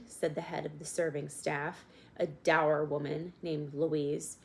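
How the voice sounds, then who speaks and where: A woman narrating a storybook in a gentle, measured way, at times addressing the reader directly. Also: sits low, little pitch movement, vocal fry. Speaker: audiobook reader.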